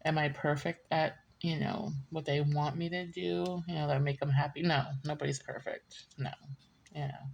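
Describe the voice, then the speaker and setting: With a low, steady, creaky voice and a darkish tone, a woman speaks at normal speed through a lo-fi recording. She's a tarot reader delivering a rambling, casual reading, laughing frequently and wandering off into tangents.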